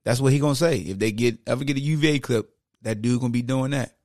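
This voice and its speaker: Gravelly dude on his podcast breaking down football plays, animated, talks like a coach. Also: medium pitch, fast, no echo, studio quality. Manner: slangy, conversational. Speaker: podcast host. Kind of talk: casual football film breakdown.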